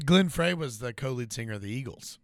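A man's voice: medium pitch, animated, a little fast. A man co-hosting a podcast in casual chat, laid-back and loose, saying "dude" often. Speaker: podcast co-host.

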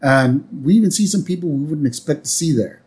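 A man's voice: a little high, animated, a little fast, a little mellow. A man casually narrating a cartoon episode as a podcast co-host, acting out short quotes. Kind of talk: casual episode recap chat.

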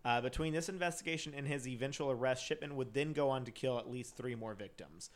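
A fast-talking man of medium pitch hosts a casual podcast, reading a true crime case from his notes. He stumbles and restarts frequently and laughs often throughout the chat.

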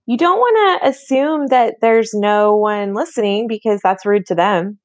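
Thirties woman, podcast co-host, chatty and filler-heavy, dry close sound, mid-pitched. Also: expressive, unhurried, no echo. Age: 30s. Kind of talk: casual chat.

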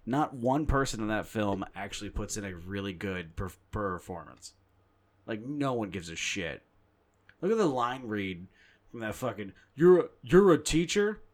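A young man chatting casually as a podcast host, animated and profane, ranting at a quick clip. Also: fairly low pitch. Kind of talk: casual chat.

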